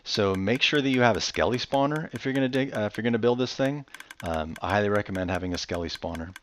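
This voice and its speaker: A man's voice: fairly low pitch, fast, a bit bright, a little hiss or hum. A man giving casual, rambling gameplay commentary, chatty and enthusiastic with laid-back slang. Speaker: Minecraft let's-play host.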